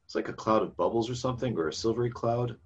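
A man's voice: medium pitch, fast, breathy edge, muffled recording. A man co-hosting a podcast, recapping a game session in casual, rambling chat that trails off into fillers.

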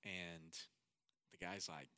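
A man's voice: low-pitched, steady tone, slow, bright, forceful tone, clear, resonant tone. A man casually retelling an anecdote, chatty and full of slang and fillers. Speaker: storyteller.

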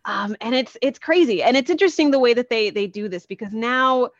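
A woman's voice: on the high side, brisk, no echo, dull audio. A woman on a podcast casually retelling a comic book story with lots of energy, acting out the characters' lines. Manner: animated, acts out characters' lines.

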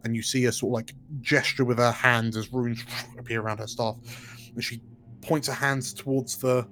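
A man's voice: medium pitch, level tone, normal speed, a bit bright, soft background music. A man narrating a tabletop game as game master, loose and full of fillers.

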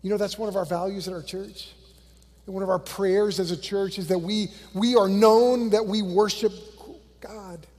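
A male pastor preaching a sermon, animated and conversational, swinging from loud bursts to hushed lines and acting out quotes in a church. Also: high-pitched, moderate pace, in a large hall. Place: church sanctuary.

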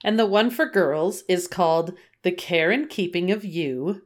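A middle-aged woman co-hosting a podcast in relaxed, casual chat, laughing often. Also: on the low side, measured pace. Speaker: podcast co-host.

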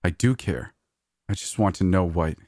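A man voicing a tense, guarded young woman in a horror audiobook. He keeps his own very deep voice, recorded close and dry. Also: moderate pace, a little mellow, no room sound, close to an everyday voice. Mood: wary. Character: frightened young woman, wary and defiant.

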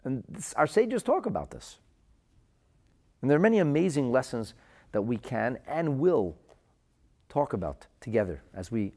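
A low, mellow male voice gives a religious lesson as an earnest story. His voice is slightly husky, and his pitch rises and falls widely. He often repeats words to stress them. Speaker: Torah teacher.

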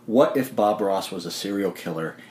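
Male co-host, hesitant and rambling, lively pitch, roomy sound. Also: normal speed. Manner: rambling, hesitant, lots of fillers and tangents. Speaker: podcast co-host. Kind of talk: casual chat.

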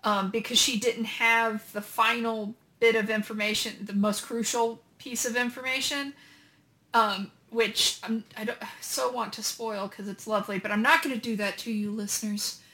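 A woman podcast co-host talks in an animated, deliberate way. Her voice sits a little high and sounds bright. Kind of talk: casual discussion.

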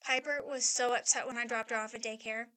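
A woman's voice: on the high side, fairly even intonation, fairly quick, sharp tone. A woman in her thirties chatting on a podcast, telling a rambling personal story full of "like". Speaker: podcast co-host, mother. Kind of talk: casual chat, personal storytelling.

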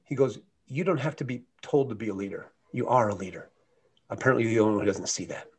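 A middle-aged man from the United States, a guest speaker telling a motivational story with earnest, animated delivery. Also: fairly low pitch, fast talker, breathy edge. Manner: earnest, animated anecdote with shifting loudness.

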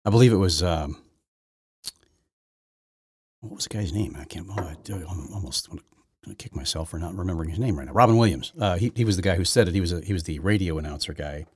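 Deep-voiced, sarcastic male podcast host. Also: quick pace, a little mellow, breathy edge, dry recording, clean studio sound. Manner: sarcastic, rambling, repeats words often. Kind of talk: opinionated political commentary.

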